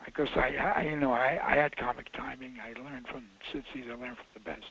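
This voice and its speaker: A man's voice: medium pitch, fairly even intonation, a little fast, a bit bright. An older man, a film director and guest, telling rambling anecdotes with restarts and emphatic bursts. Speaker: filmmaker guest. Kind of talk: casual anecdote. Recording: lo-fi audio.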